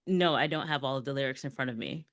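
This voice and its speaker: Low-voiced woman hosting a playful podcast quiz. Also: fast talker, a bit bright, no room sound. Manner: playful, teasing, laughs often. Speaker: podcast co-host running a trivia game. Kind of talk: casual chat. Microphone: studio podcast mic.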